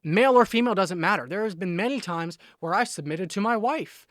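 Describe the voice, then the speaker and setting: A man with a high, bright-toned voice talks straight to the camera, giving relationship advice in a casual monologue. He is emphatic and a little preachy, repeating his warnings over and over. The recording is close and dry, with no room sound. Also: expressive, a little fast, dry recording. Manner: emphatic, scolding repetitions and preachy confiding.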